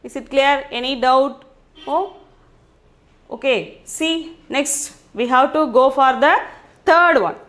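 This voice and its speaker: A woman's voice: high voice, slow pace, pauses often, a bit bright. A woman teaching a language class, patiently repeating each point and often checking whether students understand. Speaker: Hindi teacher. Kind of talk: online language lesson.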